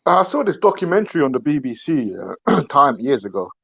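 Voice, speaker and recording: A man's voice: a little high, sing-song, brisk, a bit bright, lo-fi sound. A man talking casually on a panel, often stopping and restarting. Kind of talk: casual chat.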